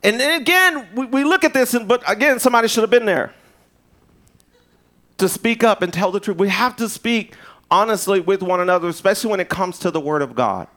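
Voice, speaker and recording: A man preaching a sermon in a loose, conversational way, with restarts and asides, swinging from loud emphasis to hushed, and in his speech. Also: high-pitched, a little fast. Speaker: pastor.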